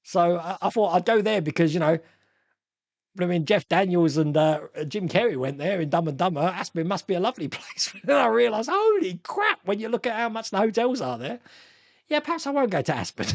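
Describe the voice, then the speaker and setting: A man's voice: high-pitched, lively intonation, brisk, vocal fry, no room sound. A middle-aged man hosting a casual live stream, chatting, laughing often, and reading viewer comments aloud. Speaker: host.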